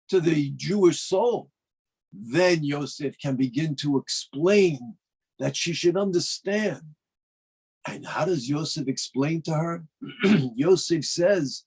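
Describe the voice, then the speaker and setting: Husky man preaching a fervent sermon. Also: a little high, darkish tone, poor audio. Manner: emphatic, rising to fervent declarations. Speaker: rabbi.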